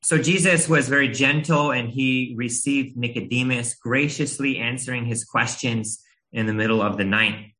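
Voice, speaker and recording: A man in his thirties delivers a sermon, earnest and gentle, pausing now and then with small hesitations as he tells a story from home. His tone is bright and clear, sitting at an ordinary middle pitch for a man. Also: rough recording. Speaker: preacher.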